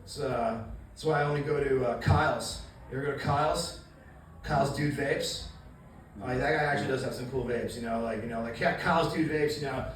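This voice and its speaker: A man's voice: medium pitch, fairly even intonation, a little fast, slight background noise. A young man performing a stand-up comedy set, rambling and self-mocking with many fillers and restarts. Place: comedy club stage. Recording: echoey room mic heard from far off.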